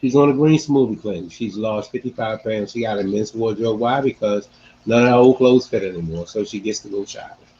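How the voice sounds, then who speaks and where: A man hosting a casual sports-talk podcast, animated and repeating phrases for emphasis. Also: fairly low pitch, a little fast, highs cut off, slight background noise. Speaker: podcast host.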